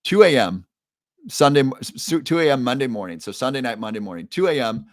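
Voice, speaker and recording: A man's voice: mid-range voice, expressive, fast talker, no echo, studio quality. A man hosting a casual livestream, telling a story in a chatty way and repeating key phrases. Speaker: livestream host.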